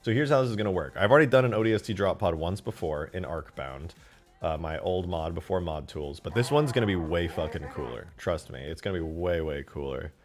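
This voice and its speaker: A man talks through his game modding on a live stream in a lowish voice. He is excitable and swears freely. His pitch leaps around a lot, from mumbles up to sudden yells. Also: a little fast, soft background music. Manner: excitable, swears a lot, flares into loud outbursts. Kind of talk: casual live-stream commentary.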